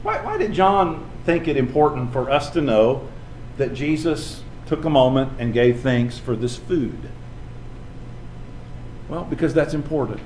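A man's voice: fairly high pitch, a little slow, roomy sound, slight background noise. A male preacher telling stories in a sermon, acting out the people he quotes. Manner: storytelling, animated, acts out quoted voices.

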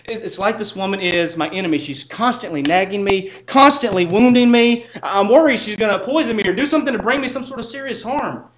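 A man's voice: sits high, expressive, brisk, highs cut off, a crowd in the background. A man playing a frustrated husband who stammers as he complains to a counselor about his wife. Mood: furious. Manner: stammering, exasperated pleading.

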